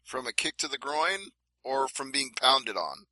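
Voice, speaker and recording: A man's voice: medium pitch, very animated, unhurried, pushed and bright, dry recording, low-quality recording. A man co-hosting a casual fight-sports podcast, laying out events step by step with emphasis. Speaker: podcast co-host. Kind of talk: casual MMA talk.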